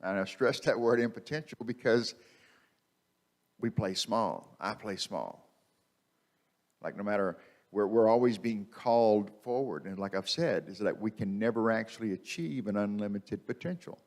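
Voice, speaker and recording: A man's voice: lowish voice, moderate pace. A man preaching a conversational sermon in a church, repeating key phrases for emphasis. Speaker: minister. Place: church sanctuary. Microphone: microphone.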